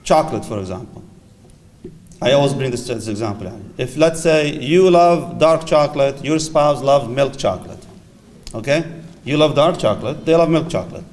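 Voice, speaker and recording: A middle-aged man giving a lively religious lecture on marriage, acting out short dialogues and mixing in Arabic phrases. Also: medium pitch, moderate pace. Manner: animated, acts out little dialogues, Arabic phrases mixed in. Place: lecture hall with audience.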